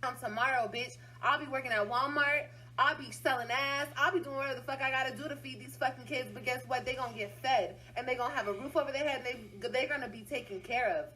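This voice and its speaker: Blunt, foul-mouthed woman streamer, fairly high voice. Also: fast talker, few pauses, sharp tone, slight background noise, rough recording. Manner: blunt, heavily profane, speaks straight to her viewers. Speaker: livestream host. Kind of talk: casual venting livestream.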